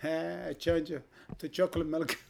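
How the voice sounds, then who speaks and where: A man's voice: on the high side, little pitch movement, normal speed, vocal fry, a little mellow, slight background noise. An older man with a thick Italian accent, telling stories in casual chat in broken English. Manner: laughing, storytelling, broken English mixed with dialect. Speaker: guest.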